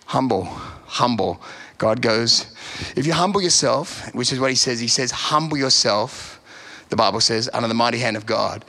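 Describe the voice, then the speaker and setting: A man's voice: medium pitch, animated, normal speed, vocal fry, pushed and bright. A man preaching a sermon as a pastor, emphatic and repeating his key phrases.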